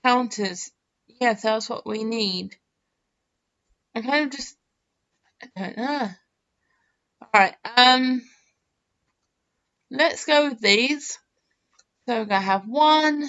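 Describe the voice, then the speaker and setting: A woman talks her way through a game in an unhurried, smooth voice, full of fillers and teasing herself as she goes. The audio sounds a little muffled and lo-fi. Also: a little high, a bit bright. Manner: chatty, self-mocking, thinks aloud with many fillers. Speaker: game channel host. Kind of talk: rambling gameplay commentary.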